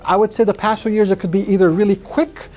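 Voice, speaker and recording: Animated man explaining law, higher voice. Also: quick pace, soft background music. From Brazil. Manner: animated, acts out quotes in other voices. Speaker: immigration lawyer. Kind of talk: explanatory podcast interview.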